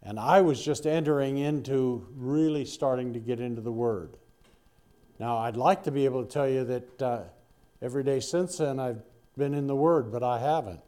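Older male preacher, mellow voice, folksy rambling sermon delivery. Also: medium pitch, normal speed. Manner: folksy, rambling with asides and restarts. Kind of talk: sermon Bible teaching.

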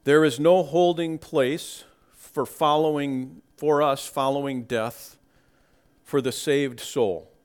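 A man preaching a sermon, talking slowly and deliberately and rising into emphatic bursts. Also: a little high, steady tone, a little mellow, clear, resonant tone. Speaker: pastor.

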